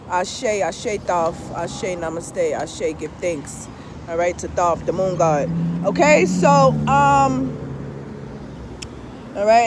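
A tarot reader and spiritual vlogger with a fairly high-pitched voice talks over background noise in a casual, rambling monologue. She's blunt and profane, peppering her speech with swear-word fillers, frequent laughs, and asides.

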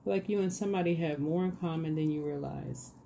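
A woman giving a casual tarot reading, reading affirmations slowly and repeating phrases in a soothing way. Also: deep voice, creaky, mellow, a little hiss or hum. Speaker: tarot reader.

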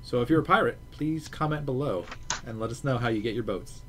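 A man's voice: mid-range voice, fairly quick, fairly bright tone, a little hiss or hum. A man in his thirties co-hosting a podcast, chatting casually in a rambling way with hesitant restarts. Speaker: podcast co-host.

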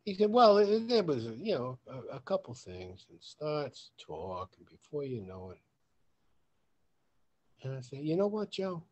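A man's voice: mid-range voice, a little slow. A man hosting a podcast, telling a story with lots of swearing and acting out both sides of the conversation. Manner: animated, acts out quoted dialogue in a raised voice; swears casually. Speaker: podcast host.

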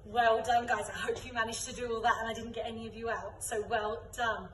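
A woman's voice: fairly high pitch, fairly even intonation, a little fast, slight background noise. Upbeat young woman teacher in echoey studio. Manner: upbeat, calls out game commands loudly. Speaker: drama and dance teacher. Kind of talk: leading an online children's class. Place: dance studio room. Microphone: camera from a distance. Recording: echoey room, voice from far off.

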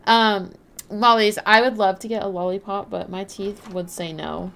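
A woman's voice: medium pitch, fairly even intonation, moderate pace, gravelly, fairly bright tone. A woman live-streaming a game, chatting casually, rambling and reading out and answering her chat. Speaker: livestreamer.

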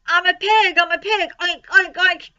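A woman's voice: very high-pitched, steady tone, a little slow, muffled recording, pitched above the performer's own voice, exaggerated voice. A woman doing a rowdy young boy. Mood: boisterous. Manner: loud, boisterous.

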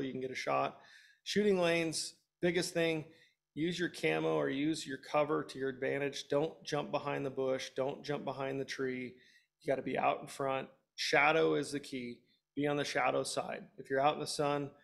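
A man's voice: medium pitch, creaky. A man in his thirties, a hunting guest expert, giving practical, direct advice in an instructional webinar.

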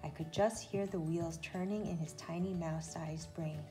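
A woman reading a children's book aloud in an expressive, lively narration. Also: fairly low pitch, moderate pace, soft background music. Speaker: storybook reader.

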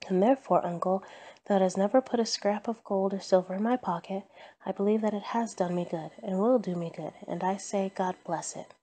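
A woman voicing a cheerful, earnest young man in a storybook reading, warm-hearted and pleading. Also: mid-range voice, brisk, breathy edge, lightly acted.

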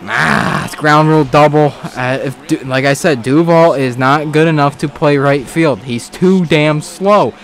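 A man giving casual let's-play commentary on a baseball video game, excitable, swearing and talking back to the game. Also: on the high side, a little slow, few pauses. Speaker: gaming commentator.

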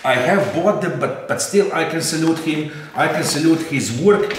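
A man with a Slovenian accent hosting an RC hobby channel, talking in a casual, excitable way and often repeating words. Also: a little high, normal speed, distant mic. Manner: excitable, animated, repeats words, non-native phrasing. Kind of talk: casual unboxing chat. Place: indoor workshop. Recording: echoey room, off-mic, faint noise.

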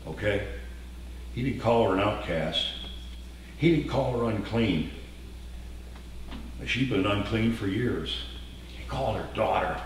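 A man preaching a sermon as pastor, folksy and animated, with passages that swell loud. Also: on the low side, a little hiss or hum. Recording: echoey hall from far off.

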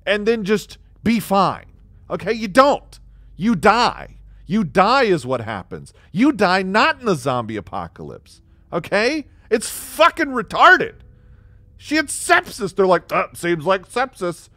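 A male streamer ranting about a game's story with exasperated, sarcastic profanity. His high voice leaps up and down animatedly, and the sound is close and dry. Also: huge pitch swings, unhurried, sharp tone, no room sound. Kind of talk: ranting live game commentary.

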